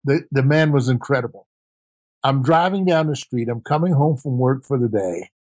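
Older man telling lively stories, dry sound. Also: medium pitch, moderate pace, no room sound, dull audio. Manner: animated, acts out quoted voices. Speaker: guest, former basketball player and coach. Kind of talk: storytelling interview answer.

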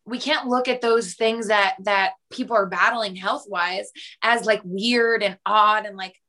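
A young woman guest on a podcast, talking earnestly and warmly in a casual conversation, laughing often and acting out little scenes. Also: mid-range voice, a little slow. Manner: warm, earnest, laughs often, animated retelling.

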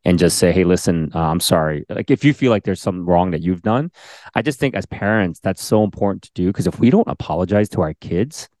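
A man co-hosting a podcast, chatting casually and giving relaxed, earnest parenting advice. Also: sits low, brisk, no echo, studio quality. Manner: relaxed, laughs easily, gives earnest advice. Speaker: podcast co-host. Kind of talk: casual chat.

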